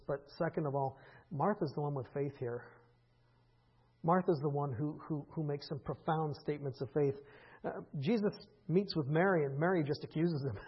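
A man preaching a conversational sermon, rising into impassioned stretches and then falling quiet again. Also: a little high, breathy edge, muffled recording. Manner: conversational preaching, builds to impassioned peaks with laughs. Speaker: pastor.

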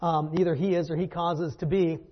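Husky man teaching a casual Bible lesson. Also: a little high, fairly even intonation, fairly quick, muffled recording. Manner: conversational and wry, with fillers and rhetorical questions. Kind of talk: informal Bible lesson to a group.

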